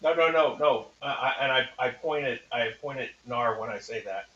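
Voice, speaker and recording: A mid-pitched man chats quickly as a tabletop player. His sound is roomy and dull, like a lo-fi mic in an echoey room. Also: a bit bright. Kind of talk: casual play.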